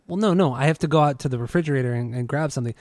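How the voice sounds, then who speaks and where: A man's voice: medium pitch, rapid-fire, darkish tone, dry recording. A man co-hosting a podcast, bantering in a laid-back way with casual swearing. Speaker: podcast co-host.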